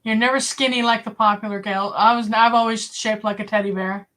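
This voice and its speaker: A woman in her sixties with a Boston accent hosts a casual livestream. She tells stories in a blunt, lively way and puts on the voices of the people she quotes. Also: on the high side, a little fast. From Boston area. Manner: blunt, animated storyteller, acts out quoted voices. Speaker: livestream host. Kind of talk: casual storytelling to a live chat.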